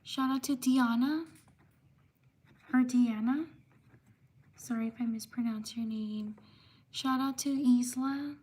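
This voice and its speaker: High, breathy woman giving shout-outs. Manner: slow, steady listing of names with quick apologies. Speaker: livestream host. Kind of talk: live stream shout-outs.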